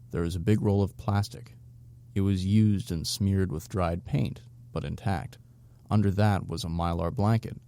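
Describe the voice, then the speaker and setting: Deep gravelly male narrator. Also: warm tone, dry recording. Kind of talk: audiobook narration.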